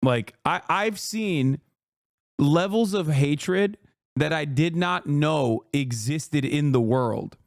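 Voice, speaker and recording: A man's voice: a little high, slow pace, vocal fry, no room sound, studio quality. Profane, ranting male streamer. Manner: profane, heated ranting with sarcastic mockery. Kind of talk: live stream commentary.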